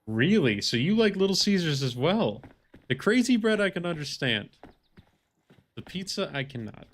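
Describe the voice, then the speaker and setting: A man's voice: fairly high pitch, big pitch swings, moderate pace, slight background noise. A man in his thirties, a game streamer chatting casually on a live stream, rambling and swearing in mock rants. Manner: rambling, profane, mock-ranting.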